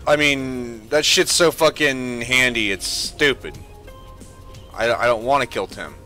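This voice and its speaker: A man's voice: medium pitch, measured pace, bright, forceful tone, soft background music. A man giving gameplay commentary as a streamer, ranting in exasperation and swearing freely. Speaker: gaming streamer.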